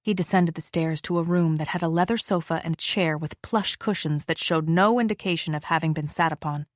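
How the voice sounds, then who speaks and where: A woman reads a suspense novel aloud in a measured, even way, voicing each character's lines as she goes. Her voice sits on the low side. The recording is dry and close. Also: dry recording. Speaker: audiobook narrator. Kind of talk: scripted narration.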